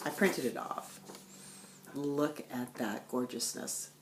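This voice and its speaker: A woman vlogging at home about her stitching, telling stories with loud bursts and hushed asides. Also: very deep voice, takes it slowly, slight background noise. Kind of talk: casual chat.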